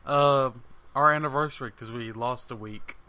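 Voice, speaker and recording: A young man co-hosting a casual gaming podcast, always ready with a playful joke. His voice comes across bright and sharp, and he trades banter in short, quick bursts. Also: medium pitch, clear, resonant tone. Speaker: podcast co-host.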